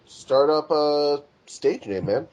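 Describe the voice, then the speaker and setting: A man's voice: on the high side, animated, takes it slowly, darkish tone. A young man co-hosting a casual podcast, teasing and joking with his friends. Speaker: podcast co-host. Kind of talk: casual chat.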